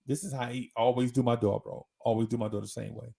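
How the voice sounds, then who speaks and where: A man's voice: mid-range voice, steady tone, fast talker, creaky, mellow, husky. A man hosting a live show, telling a slangy, rambling story with many restarts. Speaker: host. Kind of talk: casual storytelling chat.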